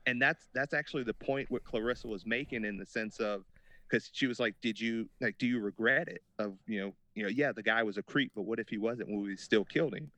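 Podcast co-host, male, lowish bright voice, dry sound, emphatic chat. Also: brisk, no room sound. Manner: emphatic, lots of "you know". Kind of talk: casual chat.

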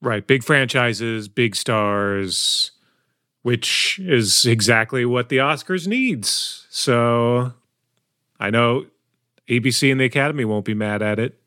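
A man's voice: medium pitch, takes it slowly, sharp tone, no room sound. A man on a podcast dropping short, dry, quipping asides in casual chat.

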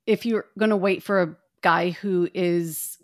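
A woman's voice: on the low side, steady tone, measured pace. Wry woman podcast co-host. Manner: wry, sarcastic asides. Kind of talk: casual chat.

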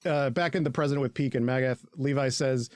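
A man co-hosting a podcast, recapping an anime in casual, profane chat, laughing often and jumping into squeaky character voices. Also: brisk, very noisy.

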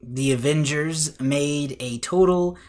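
A man co-hosting a podcast, steering the talk and reading out facts in a steady, casual way. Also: fairly high pitch, slow. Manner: steady, reads facts and figures. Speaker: podcast co-host. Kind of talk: casual movie discussion.

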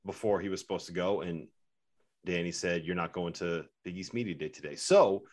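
A man hosting a podcast, asking his guest questions in a measured, conversational way. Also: deep voice. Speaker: podcast host. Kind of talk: interview questions.

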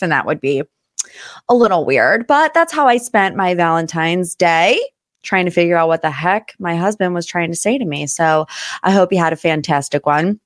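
A woman's voice: lowish voice, expressive, normal speed, no room sound, studio quality. A young adult woman from Ohio hosting her own pop culture podcast in a chatty, bubbly, rambling way. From Northeast Ohio. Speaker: podcast host. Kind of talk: casual chat.

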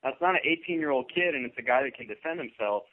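A man co-hosting a podcast thinks out loud in a halting way and often restarts his phrases. His voice sits at an ordinary pitch for a man. It comes through a tinny, phone-like line. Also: lively intonation. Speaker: podcast co-host. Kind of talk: casual podcast chat.

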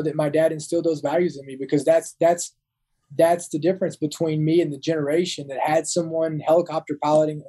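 A man's voice: a little high, mellow, poor audio. A man in his thirties, a Marine veteran, talking as a guest in an interview, often restarting and repeating words. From United States. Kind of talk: casual interview talk.

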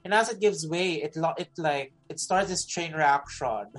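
A man running a tabletop game as game master, narrating in halting bursts with many restarts and fillers. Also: a little high, fairly bright tone.

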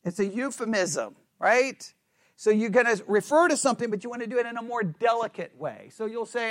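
A man's voice: very high-pitched, a little fast, a bit bright, dry recording, clean studio sound. A man teaching a Bible study class in a conversational, playful way, acting out sarcastic remarks and often checking "right?" with his listeners.

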